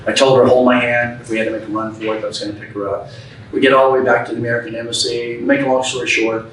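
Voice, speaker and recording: A man's voice: mid-range voice, a little hiss or hum. Man telling a story in an echoey room. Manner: folksy, plainspoken storyteller who acts out quoted dialogue. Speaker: guest speaker. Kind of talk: storytelling talk to a club audience. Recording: echoey room, speaker far from mic.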